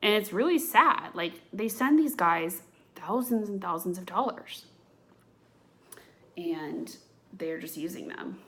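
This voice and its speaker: Gravelly low-voiced woman ranting casually. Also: animated, slow pace, long pauses, a bit bright. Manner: rambling, gossipy and blunt. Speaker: podcast host. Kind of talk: casual rant to camera.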